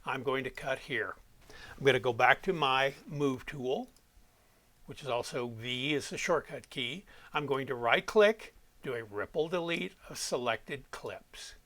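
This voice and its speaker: A man's voice: mid-range voice, unhurried, fairly bright tone. A man explaining audio editing step by step, as an instructor walking students through a tutorial. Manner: plain step-by-step explaining, self-correcting.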